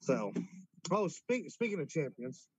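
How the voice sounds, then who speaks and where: A man's voice: on the high side, very animated, unhurried, a little mellow, slightly rough, no echo. A man co-hosting a podcast in casual chat, teasing and playfully bragging. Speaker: podcast co-host. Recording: dull lo-fi podcast audio.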